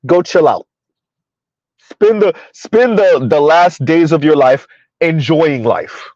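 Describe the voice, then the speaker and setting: A man's voice: a little high, lively intonation, slow pace, a little mellow, no room sound, lo-fi sound. Heated man ranting to his viewers. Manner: heated, repetitive, rhetorical questions to viewers. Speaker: commentary channel host. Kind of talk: ranting commentary.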